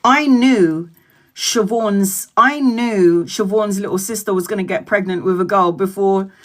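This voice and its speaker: Woman hosting a live tarot stream, blunt and emphatic, mid-pitched voice. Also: unhurried. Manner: candid, swears freely, laughs often; earnest and emphatic, repeats lines. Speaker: tarot reader.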